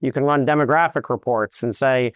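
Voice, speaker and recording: Male real estate broker as guest, smooth resonant voice, animated storyteller, dry sound. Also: medium pitch, brisk, no room sound. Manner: lively anecdotes, acts out quotes.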